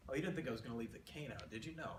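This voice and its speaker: A man hams his way through a mock economics lecture in a middle-pitched voice, rambling off into playful, exaggerated asides. The sound is roomy and echoey, with a faint hiss underneath. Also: very fast. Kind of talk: comedic lecture sketch. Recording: roomy echo.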